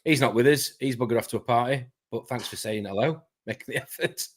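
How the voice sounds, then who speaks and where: A man hosting a casual live stream, chatting quickly and greeting viewers by name. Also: mid-range voice. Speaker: host.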